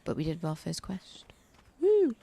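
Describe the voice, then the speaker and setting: A woman's voice: mid-range voice, expressive, moderate pace, vocal fry. A woman streaming a survival game, telling shop stories in chatty casual talk full of fillers and restarts. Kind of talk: casual chat while gaming. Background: game music.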